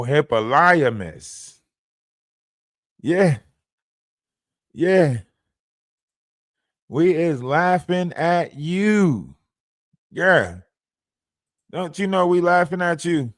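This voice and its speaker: A man rants on his livestream in a taunting, profane way, repeating himself and prodding with "huh?". He speaks slowly in a slightly high voice. The recording is dry and close. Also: big pitch swings, no room sound. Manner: taunting, repetitive, profane, keeps asking "huh?". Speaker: livestream host. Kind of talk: profane live-stream rant.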